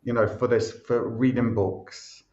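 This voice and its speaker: A man's voice: medium pitch, flat delivery, a little slow, a little mellow, muffled recording. A male podcast host talking casually, rambling with many restarts, on an echoey video call. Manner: rambling, lots of fillers and restarts. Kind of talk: casual conversation.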